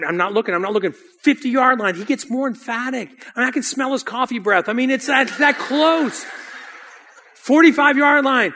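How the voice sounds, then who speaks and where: Male preacher, high voice, animated and casual storyteller. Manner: lively and casual, often says "dude". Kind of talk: storytelling sermon.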